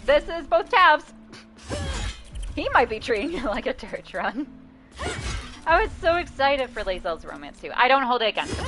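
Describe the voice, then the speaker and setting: A woman streaming a video game, talking casually with chat, swearing often and laughing between remarks. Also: medium pitch.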